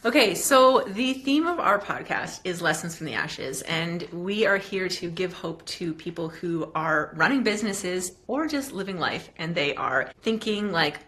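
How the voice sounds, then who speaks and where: Bright, low-voiced woman podcast host. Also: lively intonation, unhurried. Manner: upbeat and encouraging. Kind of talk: podcast interview.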